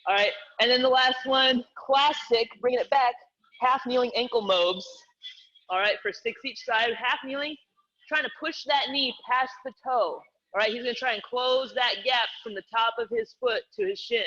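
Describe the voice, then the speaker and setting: A man leads a live online workout, cueing each exercise in an upbeat, playful manner. His voice sits high and sounds bright and forceful. The streamed audio comes across a little dull. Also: normal speed. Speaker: fitness coach.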